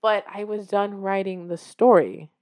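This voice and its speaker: A woman at an ordinary middle pitch offers casual writing advice on her own show. She sounds encouraging and reassuring, speaking straight to the listener. She tells her story in an animated way and acts out her own reactions. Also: measured pace. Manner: warm, encouraging, directly addressing the listener. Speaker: author and podcast host. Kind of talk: casual motivational talk.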